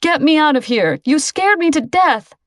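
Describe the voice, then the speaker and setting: Frightened teen girl near tears, high and strained, pleading, read by a woman, dry close sound. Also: animated, normal speed, no room sound. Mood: upset. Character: frightened teenage girl, tearful and angry.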